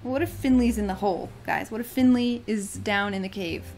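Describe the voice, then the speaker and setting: A woman's voice: medium pitch, brisk, a little mellow, faint music behind. A woman playing a video game and giving goofy, chatty commentary while reading the dialogue aloud. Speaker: gamer playing through a game. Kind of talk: casual let's-play commentary.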